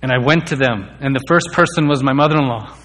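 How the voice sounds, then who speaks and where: Man, earnest testimony, stumbles on words, mid-pitched, reverberant hall. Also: fast, fairly bright tone. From India. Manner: earnest, stammers on key words. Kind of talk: personal testimony.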